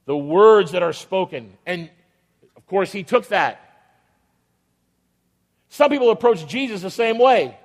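A male pastor preaching an emphatic sermon, with dramatic pauses and repetition, often acting out the voices of people in the story. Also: sits high. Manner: acts out quoted voices of biblical figures. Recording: long hall reverb.

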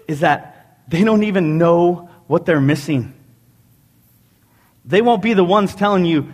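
A man delivers a sermon, his voice sitting a little high. He tells jokes and family stories in an animated, self-mocking way. His words ring out with a long reverb in a church sanctuary. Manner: animated, joking storyteller. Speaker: preacher.

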